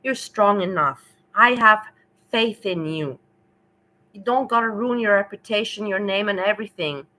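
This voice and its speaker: A woman's voice: medium pitch, moderate pace, sharp tone, low-quality recording. A woman who speaks English as a second language, giving blunt, rambling opinions while livestreaming. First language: not English. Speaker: streamer. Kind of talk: casual livestream commentary.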